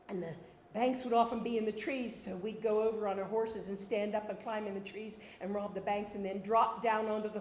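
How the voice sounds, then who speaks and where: A woman's voice: mid-range voice, a little mellow, slight background noise. Woman in an echoey one-woman stage monologue. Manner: wry, storytelling, laughing. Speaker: stage performer telling her life story. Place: theatre stage.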